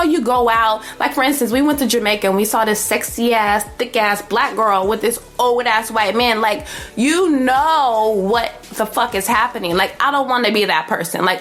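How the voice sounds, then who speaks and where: A young woman telling a story to her viewers in a brash, profane, animated way, laughing often. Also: a little high, normal speed, hardly any pauses. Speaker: vlogger. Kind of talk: casual storytelling.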